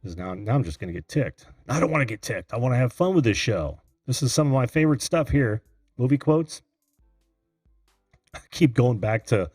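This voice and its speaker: A middle-aged man hosting a live call-in show, chatting and reading viewer comments, easily flustered and quick to laugh. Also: mid-range voice, darkish tone, no room sound, clean studio sound.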